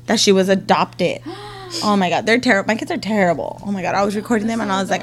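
A woman, casually chatting as a podcast co-host and telling lively family stories. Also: mid-range voice, quick pace, crowd noise. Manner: animated storyteller, acts out her kids' voices. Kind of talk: casual chat.

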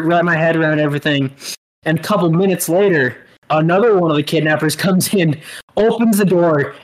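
A man co-hosting a casual podcast, telling a long story in a halting, rambling way and laughing as he goes. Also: fairly high pitch, rough recording. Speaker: podcast co-host. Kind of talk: casual chat.

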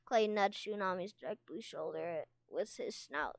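A woman reading a children's fantasy novel aloud at a steady pace, with small stumbles. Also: mid-range voice, normal speed, few pauses, smooth, no room sound. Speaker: reader.

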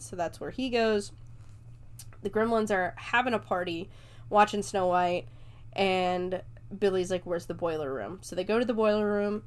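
A talkative woman runs through a movie's plot in a loose, casual recap. Her voice sits at an everyday middle pitch, and she peppers her speech with fillers and quick laughs. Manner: chatty, heavy on "like" fillers, laughs often. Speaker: movie reviewer.

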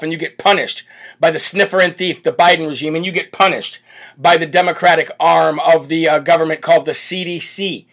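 An American man hosts a live political commentary show in a slightly bright voice on the high side. His delivery is brash, bold and emphatic.

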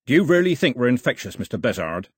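A man's voice: medium pitch, very animated, normal speed, husky, no room sound, studio quality, voice pushed up. An audiobook narrator, a man, voicing a blunt, stubborn male sea captain who barks his objections. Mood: insistent. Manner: barking, indignant.

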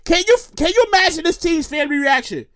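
Loud exasperated high-voiced woman ranting. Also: lively intonation, fast, no echo, clean studio sound. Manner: loud, exasperated and profane, often shouting; acts out others in quoted voices. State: getting breathless, pausing to calm down. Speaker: commentary vlogger. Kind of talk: ranting comedic news commentary.

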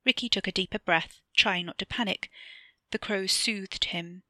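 A woman narrating her own short story aloud, measured and even. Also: mid-range voice, dry recording. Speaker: author reading her story.

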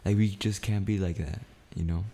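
Storytelling casually as a podcast co-host, a young man curses freely and fills his speech with "like" and "dude." He speaks at a normal speed in a low, steady, mellow voice.

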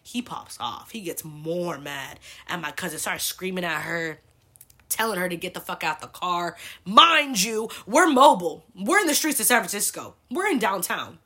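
Bright-voiced young woman telling a story. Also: moderate pace. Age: 20s. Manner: animated, swears freely, leans on "like" a lot; acts out quoted people with big pitch jumps. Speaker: podcast host. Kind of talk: casual storytelling monologue.

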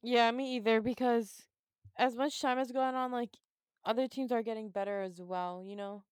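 A woman's voice: fairly high pitch, moderate pace, clear, resonant tone, no room sound, clean studio sound. A young woman chatting casually about basketball, laughing often and acting out her own reactions. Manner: animated, laughing, acts out reactions. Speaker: podcast co-host, basketball fan. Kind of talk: casual sports chat.

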